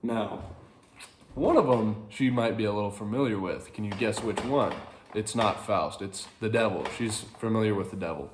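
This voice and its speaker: A man's voice: on the low side, moderate pace, echoey room, a little hiss or hum. A man casually explaining a classic play in a rambling, chuckling way, often correcting himself. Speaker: video host explaining a play.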